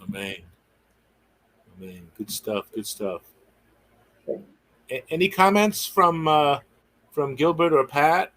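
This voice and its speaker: A man's voice: a little high, animated, slow pace, long pauses, a bit bright. A man hosting a livestreamed Bible study, affirming his co-teacher with enthusiasm and sounding out word rhythms. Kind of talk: casual livestream discussion.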